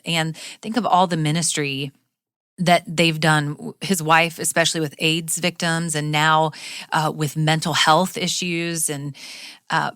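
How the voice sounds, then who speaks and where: Female podcast co-host, deep register, easy conversational tone, dry close mic. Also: a bit bright, dry recording. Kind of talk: casual chat.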